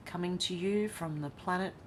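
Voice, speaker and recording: Lower-voiced Australian woman live-streaming. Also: normal speed, a little hiss or hum. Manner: reads viewer comments aloud, then chats back casually. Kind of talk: casual live-stream chat.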